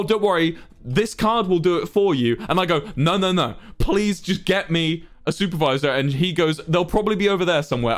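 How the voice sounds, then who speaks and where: A young man with a high-pitched voice tells his livestream chat a long story, sounding exasperated and worked up. He acts out the other people in the story as he goes, and the whole thing stays loose and conversational. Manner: exasperated, animated retelling of a hassle. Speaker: streamer.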